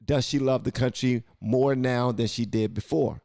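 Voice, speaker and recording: A man's voice: mid-range voice, steady tone, moderate pace, gravelly, mellow, dry recording, studio quality. Loose-talking man reacting to a clip. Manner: loose, colloquial, repeats himself. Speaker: reaction video host. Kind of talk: casual reaction commentary.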